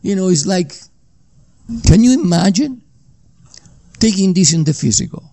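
A man's voice: sits high, animated, moderate pace, warm tone. A man preaching a Bible teaching sermon, rambling and repeating himself, often checking in with his listeners. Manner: rambling and repetitive, often checking in with "okay?" and "you know".

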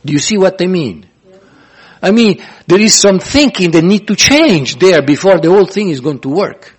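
A man's voice: high-pitched, expressive, moderate pace, husky. A man pastor teaching a sermon in an earnest, repetitive way, often restarting phrases.

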